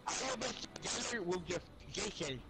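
A man's voice: sits high, expressive, moderate pace, sharp tone, breathy edge. A man hosting a playful gaming session, joking and repeating himself with friends in voice chat. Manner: goofy and repetitive. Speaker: gaming channel host.

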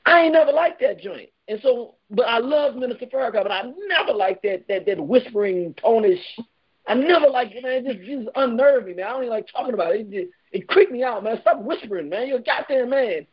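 A man hosting a heated call-in radio show, talking loudly and emphatically, close to yelling. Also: very high-pitched, expressive, a little fast, breathy edge, highs cut off. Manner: loud, emphatic, near yelling.

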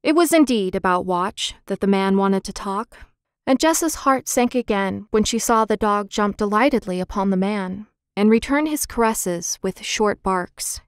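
A woman narrating a children's chapter book in a clear, gentle, expressive reading. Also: medium pitch, a little slow, no echo, studio quality. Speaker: audiobook narrator. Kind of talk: scripted storybook narration.

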